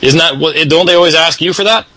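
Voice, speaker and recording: A man's voice: fairly high pitch, quick pace, pushed and bright, rough recording. A man hosting a casual talk show, lecturing and advising at length. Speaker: show host.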